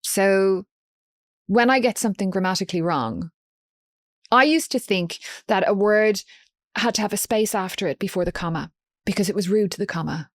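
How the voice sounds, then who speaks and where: A woman's voice: mid-range voice, moderate pace, dry recording, clean studio sound. An Irish woman guest on a podcast, telling stories in a chatty way and laughing often. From Ireland. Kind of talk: casual chat.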